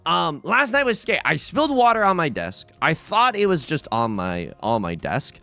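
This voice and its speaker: A man hosting a let's play, commenting casually on his game with animated, joking remarks, quick restarts and self-mocking asides. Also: on the high side, creaky, faint music behind.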